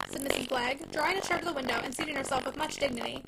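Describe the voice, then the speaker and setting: A woman reading a classic novel aloud, with expressive storytelling. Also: high voice, fast, gravelly, hardly any pauses, over loud music, low-quality recording. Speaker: audiobook reader. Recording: loud background noise.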